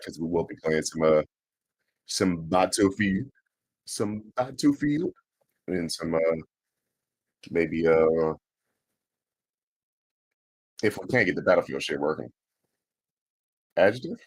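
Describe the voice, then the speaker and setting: A man's voice: low voice, husky, dry recording. A man streaming, chatting casually, swearing freely and sounding out foreign words syllable by syllable. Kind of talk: casual livestream chat.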